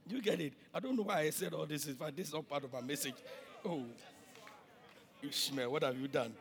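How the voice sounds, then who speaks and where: A male pastor with a Ghanaian accent, preaching a sermon that swings between shouting and quiet, and he repeats himself often. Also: fairly high pitch, a little fast.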